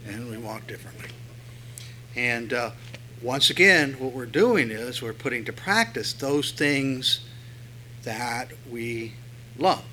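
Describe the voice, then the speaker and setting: Male pastor, bright, forceful tone, chatty sermon with rhetorical questions, faint hum underneath. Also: mid-range voice, animated, takes it slowly, poor audio. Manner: conversational preaching, rhetorical questions, swells loud on scripture.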